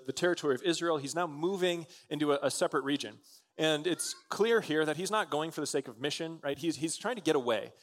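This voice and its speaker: A man preaching a sermon in a conversational way, with frequent restarts and quick "right?" asides. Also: on the high side. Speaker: pastor.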